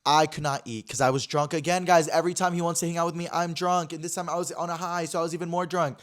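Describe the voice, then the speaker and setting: A young man hosting his own podcast from home, telling a personal story in an animated, gossipy way, full of "like" and swearing. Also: a little high, quick pace. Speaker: podcast host. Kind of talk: casual storytelling chat.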